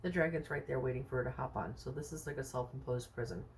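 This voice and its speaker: A woman's voice: extremely low pitch, fast talker, a little mellow, a little hiss or hum. A woman doing a casual tarot reading for viewers, thinking aloud with many fillers and rhetorical questions in a chatty, reassuring way. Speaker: tarot card reader.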